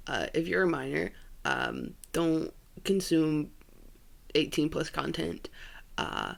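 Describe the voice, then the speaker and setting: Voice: mid-range voice, gravelly. A young adult hosting a solo podcast, rambling in scattered, self-deprecating asides with frequent giggles. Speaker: podcast host.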